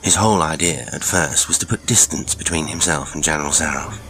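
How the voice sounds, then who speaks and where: A man narrating a classic adventure story in a measured, dramatic storytelling manner. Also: rumbling low, sharp tone. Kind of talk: scripted audiobook narration.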